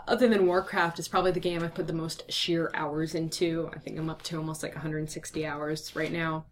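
Tired, chatty young woman with a lowish voice. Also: a bit bright. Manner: chatty and upbeat, many fillers and laughs. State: tired voice, slurring from talking all day. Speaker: guest. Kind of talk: casual interview answers.

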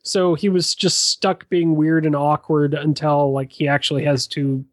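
A man's voice: on the high side, flat delivery, moderate pace, no room sound. A man co-hosting a casual podcast chat, making dry, sarcastic points padded with fillers. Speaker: podcast co-host.

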